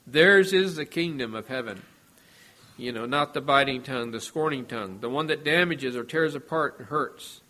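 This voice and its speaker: A man preaching a sermon in a measured, earnest way, his voice dropping softly at the ends of phrases. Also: medium pitch.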